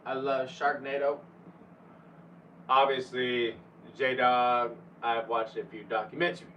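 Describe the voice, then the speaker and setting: A man's voice: mid-range voice, flat delivery, slow. A man streaming live, chatting casually with viewers in a laid-back, profane way. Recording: distant, dull lo-fi mic with faint hum.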